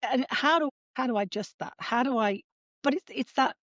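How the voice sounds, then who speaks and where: A woman's voice: high-pitched, fairly quick, a bit bright, no room sound, lo-fi sound. A woman co-hosting a podcast, talking in a rambling casual way with bursts of laughter. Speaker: podcast co-host. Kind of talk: casual chat.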